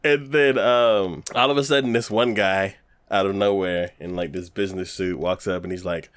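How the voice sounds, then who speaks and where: A man's voice: sits low, moderate pace, clean tone, no room sound. A man co-hosting a casual podcast, retelling an episode in a loose, rambling way. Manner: animated plot retelling full of acted-out quotes; loose and rambling with many fillers and restarts. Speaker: podcast co-host.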